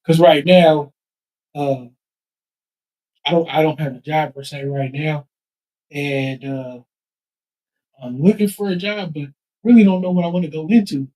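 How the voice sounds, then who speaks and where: At a live event in a nonprofit office, a street paper vendor and rapper chats casually in an interview, rambling, repeating words, and breaking into raps and beatboxing. His voice is on the high side and dark-toned, at a measured pace with long pauses, on a low-quality recording.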